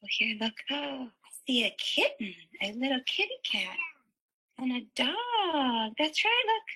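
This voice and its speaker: Lilting, bright-voiced mother reading aloud. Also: high voice, expressive, husky, rough recording. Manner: sing-song, coaxing, drawn-out words. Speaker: parent. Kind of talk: reading a picture book to a young child.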